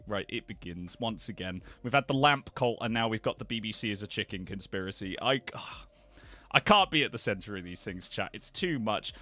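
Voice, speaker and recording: A man's voice: mid-range voice, pushed and bright, no room sound. A British man chatting on a live stream in a playful, rambling way, often trailing off into mumbles. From Britain. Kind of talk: casual live-stream chat.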